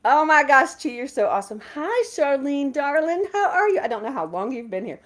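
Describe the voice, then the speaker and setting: A woman, hosting a casual livestream, chatting with viewers and greeting them with bursts of excitement. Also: high voice, a little fast. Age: 50s. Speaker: livestream host.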